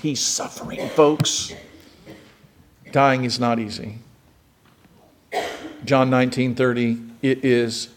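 Dramatic male preacher. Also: medium pitch. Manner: dramatic, swelling to loud emphasis and dropping to near whispers. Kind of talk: sermon.

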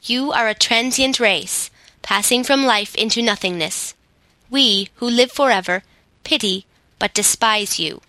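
A woman voicing a grave, calm immortal male master of the forests who speaks sternly. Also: medium pitch, a little slow, no room sound, rough recording.

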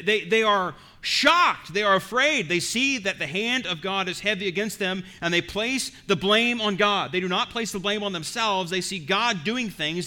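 A man's voice: high-pitched, sharp tone. A man preaching an expository sermon as pastor, earnest and emphatic, often repeating words as he goes.

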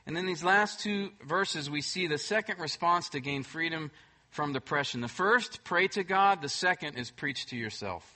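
A pastor preaches a sermon emphatically, swinging between loud bursts and soft, hushed moments. His voice is on the high side, animated, and at a normal speed.

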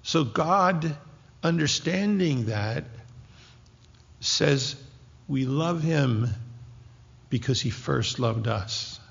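A man in his sixties preaching a sermon, joking lightly at first and then dropping to a hushed, whispered intensity. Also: mid-range voice, extremely slow, gravelly, long pauses, slightly rough. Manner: animated, jokey asides that drop to hushed, whispered intensity. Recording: dull lo-fi recording with long hall reverb.

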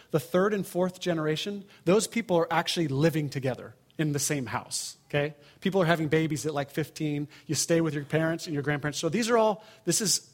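A man preaching a sermon in an earnest, conversational way, often stressing points with rhetorical questions. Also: fairly high pitch. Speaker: pastor.

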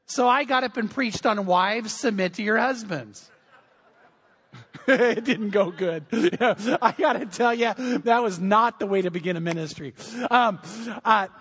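A man's voice: sits high, fairly bright tone, husky. A man preaching a sermon as pastor in a church, telling humorous stories. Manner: humorous storytelling.

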